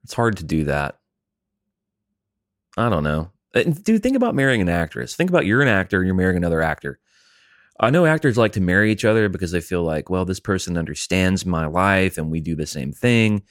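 A man's voice: deep voice, very animated, brisk, no echo, clean studio sound. A man co-hosting a podcast, chatting loosely and reading listener emails aloud. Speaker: podcast co-host.

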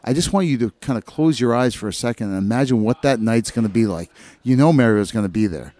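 A man's voice: medium pitch, quick pace. A middle-aged man, a former hockey player, telling locker-room stories in casual chat and acting out the voices he quotes. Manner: animated storyteller, acts out quoted voices.

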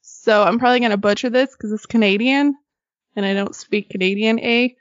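A woman's voice: mid-range voice, brisk, no echo, dull audio. A woman co-hosting a casual podcast, reading ghost stories aloud with jokey asides, frequent laughter and swearing. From Arkansas. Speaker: podcast co-host.

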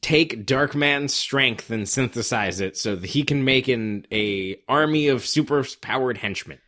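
Man, bright tone, mid pitch, casual movie recap, joking asides. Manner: joking, enthusiastic, quick asides. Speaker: podcast co-host.

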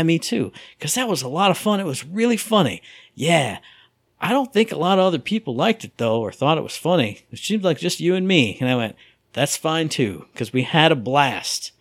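A man chatting on a podcast, his pitch swinging high and low as he acts out little scenes from his week. The sound is dry and close, with no room around it. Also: slightly rough, no echo. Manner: animated storyteller, acts out his own inner voice. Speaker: podcast co-host. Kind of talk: casual chat.

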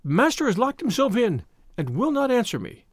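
A hysterical old housekeeper woman frets and pleads in a high, quavering voice, as a male narrator puts her on. Her pitch leaps about with frantic energy. It is a storybook reading recorded close and dry. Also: huge pitch swings, moderate pace, dry recording, heavily acted. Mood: distressed.

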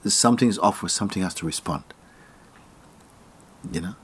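Deep-voiced with a breathy edge, a man from Jamaica delivers an informal spiritual talk a little on the fast side. He stays animated and laughs a lot, occasionally dropping to a near whisper.

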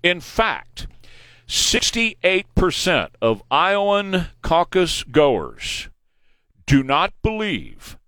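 A forty-something man with a Texan accent runs his radio talk show from the studio, hammering each point home and circling back to repeat it. His voice sits a bit high for a man, and the sound is close and dry, with no room around it. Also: huge pitch swings, very slow, bright, forceful tone, no echo. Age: 40s. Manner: emphatic, opinionated, repeats points for emphasis. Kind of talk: political talk radio monologue. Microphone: studio microphone.

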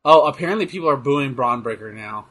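A man co-hosting a casual chat while watching wrestling, excitable, swearing and trailing off into fillers. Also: medium pitch, fast talker. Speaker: podcast co-host.

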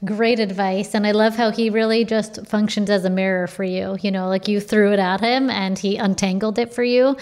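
A woman's voice: medium pitch, fairly even intonation, moderate pace, hardly any pauses, a little mellow, smooth. A woman hosting a casual interview, affirming and reflective as she responds.

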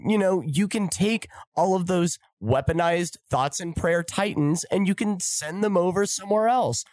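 A man's voice: fairly high pitch, no room sound. A man hosting a podcast, delivering a sarcastic, flippant, profane comedic monologue. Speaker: podcast host.

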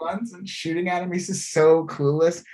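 A man's voice: high-pitched, steady tone, normal speed, a little mellow. Rambling, laughing podcast co-host, man. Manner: rambling, lots of fillers and laughs. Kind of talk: casual chat.

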